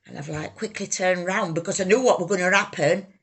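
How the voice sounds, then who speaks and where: A woman telling her own life story, halting, raw and emotional, swearing freely. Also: lowish voice, animated, breathy edge. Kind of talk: personal life story told to camera.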